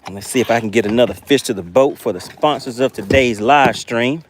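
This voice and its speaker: A man at a middling pitch hosts a fishing live stream from his boat out on the water. He talks in a loose, chatty way, calling out viewers by name and thanking them as he goes. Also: brisk, a little hiss or hum.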